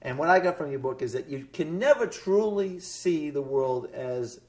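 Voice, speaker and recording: A man hosting a local cable TV interview in a studio, telling a story slowly with many fillers and restarts. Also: on the high side, animated, darkish tone. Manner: rambling, hesitant storytelling with fillers. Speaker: cable access TV host. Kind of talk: casual interview chat.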